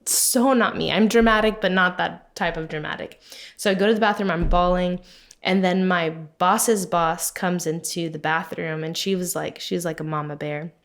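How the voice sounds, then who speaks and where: A woman's voice: on the low side, steady tone, normal speed. A woman in her thirties co-hosting a podcast, telling a personal story in casual chat full of fillers. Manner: chatty storytelling, many fillers, laughs often. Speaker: podcast co-host.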